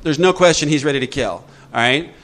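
A man leading a recovery group talk, lively and joking, acting out little voices as he explains. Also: on the high side, fairly quick. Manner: lively, jokey, acts out voices. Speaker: recovery workshop speaker.

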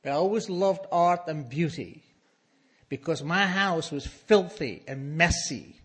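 A man's voice: fairly high pitch, a little slow, fairly bright tone, a little hiss or hum. A middle-aged man from Argentina with an Argentine Spanish accent, telling a wry, self-mocking story to a live audience on a stage microphone.

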